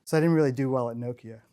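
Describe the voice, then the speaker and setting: A middle-aged man delivers a storytelling keynote as a conference speaker, his medium-pitched voice brisk and dark in tone. He's enthusiastic and rambling, frequently restarting his sentences.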